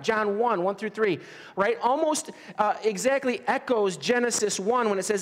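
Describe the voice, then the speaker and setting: A man's voice: high voice, normal speed, big-room sound. A man preaching a conversational sermon, often asking the congregation questions. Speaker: pastor.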